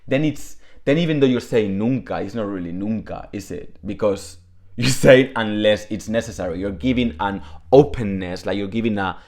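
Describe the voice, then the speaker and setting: Deep-voiced man teaching casually. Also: moderate pace, darkish tone. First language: Spanish. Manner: chatty, many fillers, switches between Spanish and English. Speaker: Spanish teacher. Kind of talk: casual explanatory lesson.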